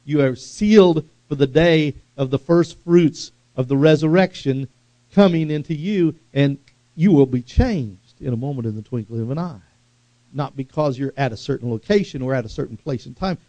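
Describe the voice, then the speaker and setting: A man preaching a sermon with fervent, animated delivery and sudden loud bursts. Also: a little high, creaky, no room sound.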